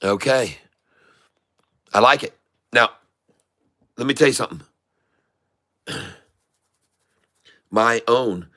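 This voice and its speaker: Bright-voiced showman day-trading streamer. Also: mid-range voice, lively intonation, slow, pauses often. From Florida. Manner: folksy, showman-like, chats with viewers. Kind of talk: live-stream market commentary.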